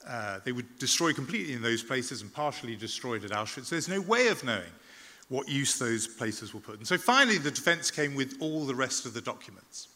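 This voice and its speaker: Bright-voiced man telling a story in a reverberant hall. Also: mid-range voice, very animated. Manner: measured, reflective, with frequent "uh" restarts. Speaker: journalist giving a talk. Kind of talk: public talk, storytelling.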